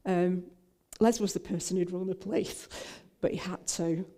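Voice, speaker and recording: A woman's voice: lowish voice, steady tone, normal speed, mellow. An older woman minister, telling a personal story in a talk, with frequent fillers and restarts.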